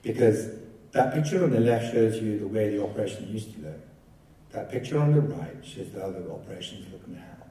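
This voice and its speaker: Speaking fairly quickly with lively intonation, a man with a dark, lowish voice gives an anecdote-filled academic keynote in a casual, lightly comic style. He's recorded from far off in an echoing lecture hall.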